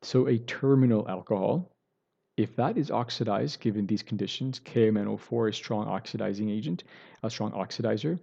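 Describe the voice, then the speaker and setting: A man's voice: lowish voice, creaky, mellow, husky, dull audio. A man teaching a recorded chemistry lecture, explaining step by step and often checking in with "right?" and correcting himself as he goes.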